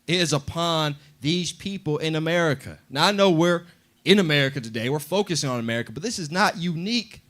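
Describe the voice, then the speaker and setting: A high-voiced man preaching at a Bible class. His delivery is animated and full of emphasis, and he slips into little acted voices to drive his points home. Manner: animated, acts out voices in quotes.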